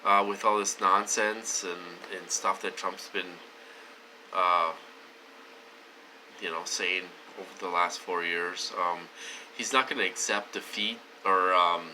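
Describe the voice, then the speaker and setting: A man talking casually to his viewers in a rambling, repetitive way, swinging between loud emphatic stretches and low mutters. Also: steady tone, slow, slight background noise, poor audio. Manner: rambling and repetitive, with many fillers. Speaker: vlogger.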